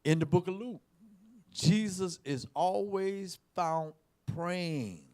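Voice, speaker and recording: A man preaching a sermon, emphatic, repeating words and swinging between shouts and quiet asides. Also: high voice, expressive, slow.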